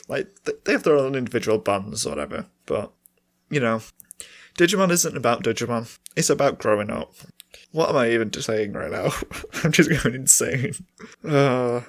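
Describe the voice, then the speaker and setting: A young man rambling through a casual podcast chat and laughing at himself, his throat dry and sore from talking. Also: mid-range voice. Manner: rambling, self-mocking, laughs often. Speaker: podcast co-host. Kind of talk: casual solo chat and singing along.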